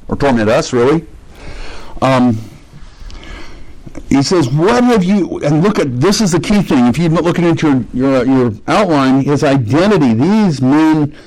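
A man's voice: medium pitch, darkish tone, rough recording. A middle-aged man preaching a sermon, teaching in a conversational way and putting questions to the congregation. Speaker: pastor.

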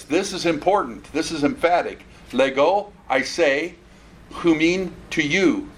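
A man's voice: a little high, slight background noise. A man preaching an expository sermon, asking the congregation questions and acting out the voices in the passage. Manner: animated, acts out scripture voices, asks the audience questions. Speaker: pastor.

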